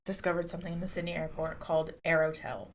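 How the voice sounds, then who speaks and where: Chatty woman podcast co-host, slightly low. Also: fast talker. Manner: rambling animated storytelling, many "like"s. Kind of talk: casual chat.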